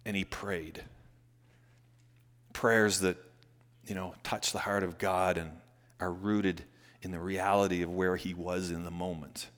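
A man preaching a sermon who moves between hushed lines and loud, emphatic rises, repeating phrases for weight. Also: sits low, flat delivery, a little slow, long pauses. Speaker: pastor. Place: church hall. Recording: long reverb of a large hall.

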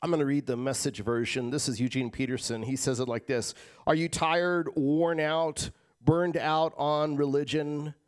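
A man preaching a sermon as pastor, shifting between loud emphatic lines and quiet, casual asides to the congregation. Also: fairly high pitch, steady tone, normal speed. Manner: casual, addresses crowd as guys.

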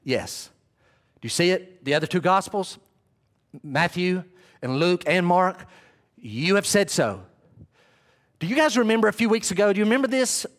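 Male pastor, high voice, delivers a sermon with animated acted-out quotes. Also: moderate pace.

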